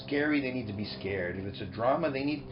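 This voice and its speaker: A middle-aged man and comedian turned filmmaker, chatting in an animated, rambling way with many restarts as an interview guest on a boat. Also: medium pitch, quick pace. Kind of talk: casual interview chat. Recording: muffled lo-fi recording with faint noise.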